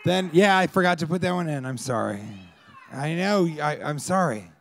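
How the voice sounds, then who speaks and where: A male stand-up comic on a club stage with a handheld mic, his somewhat high voice full of gravel. He rambles through his set, and his pitch swings wildly as he shouts out bits of crowd work and acts out fans yelling at him. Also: lively intonation, moderate pace. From Colorado, US. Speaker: stand-up comedian. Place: comedy club stage with a live audience.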